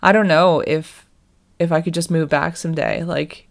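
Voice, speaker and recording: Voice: mid-range voice, fairly even intonation, normal speed, vocal fry. A person in their twenties with an American accent, chatting casually and rambling about life abroad. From United States. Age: 20s.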